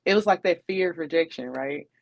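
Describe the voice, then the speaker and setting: A woman co-hosts a casual relationship podcast in a chatty, rhetorical style, often checking in with "you know what I'm saying." Her voice is lowish, gravelly and fairly quick, and the recording sounds muffled.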